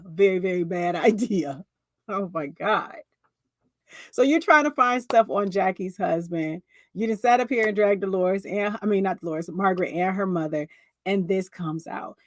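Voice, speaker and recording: A young woman giving sassy, casual commentary on a reality show, animated and laughing often. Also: mid-range voice, no room sound.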